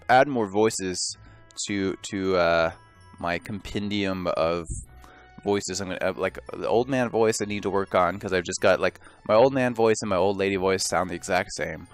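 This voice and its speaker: A man's voice: deep voice, normal speed, soft background music. Rambling, joking man in game commentary. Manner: rambling, self-interrupting, joking. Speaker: let's play host. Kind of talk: casual gameplay commentary.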